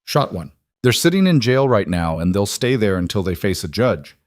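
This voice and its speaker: A man voicing a steady frontier marshal. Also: on the low side, normal speed, no room sound, clean studio sound. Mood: firm. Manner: quiet, firm. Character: gruff frontier town marshal, steady and stubborn.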